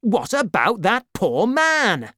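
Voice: medium pitch, wildly swooping pitch, slow, bright, forceful tone, no echo, studio quality, pitched above the performer's own voice, heavily acted. A reader voicing an outspoken male musketeer in a storybook, indignant and protesting. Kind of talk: storybook reading.

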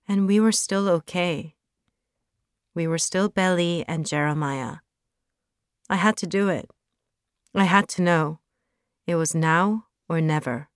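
A woman narrating a story aloud in a slow, careful reading. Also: sits low, smooth, no room sound, clean studio sound.

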